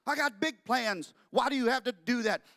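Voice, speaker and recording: A man's voice: a little high, expressive, moderate pace, dry recording, clean studio sound. A man playing a frantic, overexcited cartoonist. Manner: shouting, breathless, over-the-top pleading. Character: frantically excited young male cartoonist pitching an idea.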